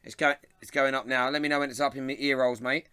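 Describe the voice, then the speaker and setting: A man's voice: mid-range voice, fairly even intonation, quick pace, pushed and bright, clean tone, dry recording. A young man with a London accent hosting a live fan show, chatting, laughing often and reading out viewer comments. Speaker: host.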